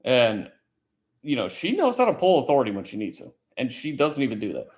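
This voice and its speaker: A man's voice: mid-range voice, huge pitch swings, quick pace, darkish tone. A man hosting a casual late-night chat stream, telling a long story in a rambling, profane way. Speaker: livestream host; military service member.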